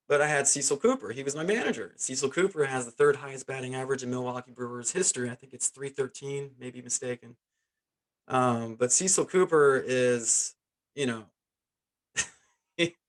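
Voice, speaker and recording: A man of about forty tells his story as an interview guest. He is animated and chuckles often, and his delivery is loose and conversational. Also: mid-range voice. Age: around 40. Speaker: guest, former pro baseball player. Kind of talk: casual storytelling.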